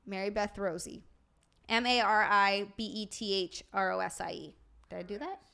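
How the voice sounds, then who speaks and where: A woman hosting a casual comedy livestream, excitable and swearing as she reads super chats aloud and laughs a lot. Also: mid-range voice, moderate pace, vocal fry, clean tone. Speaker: streamer and podcast host.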